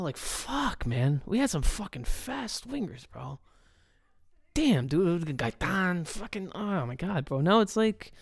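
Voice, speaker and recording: A man's voice: high-pitched, gravelly, no room sound, studio quality. A man hosting a casual solo soccer talk, ranting as a fan with lots of swearing and filler words. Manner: swears a lot, animated fan rant; many fillers and restarts. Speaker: soccer podcast host.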